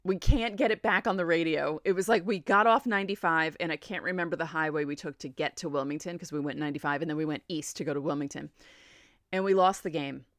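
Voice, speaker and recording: A woman in her forties, a podcast host telling a story in a chatty, animated way. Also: low voice, fast, dry recording, clean studio sound. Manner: animated, chatty, laughs often. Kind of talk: casual storytelling.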